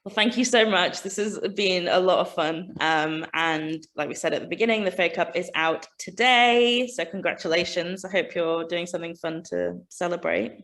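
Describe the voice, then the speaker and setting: A woman from Yorkshire hosting a casual author interview, chatty, enthusiastic and quick to laugh. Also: fairly low pitch, fairly bright tone. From Yorkshire, England. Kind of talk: casual chat.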